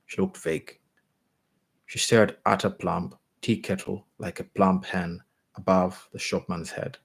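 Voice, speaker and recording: Husky deep-voiced man reading a story. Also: fairly even intonation. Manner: measured, with restarts and a retake. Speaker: reader. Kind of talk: reading a short story aloud.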